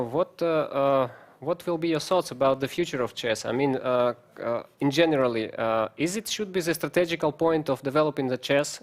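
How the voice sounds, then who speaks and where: A co-host puts a long, winding question to his guest. He hesitates often and hunts for the right words. His voice sits at an average pitch for a man. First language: Russian. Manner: halting, searching for words with many fillers. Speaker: co-host, chess grandmaster. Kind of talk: interview questions.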